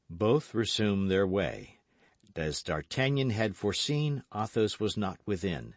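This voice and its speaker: A man narrating a classic novel in an audiobook, reading in a measured, expressive way. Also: fairly low pitch, dry recording.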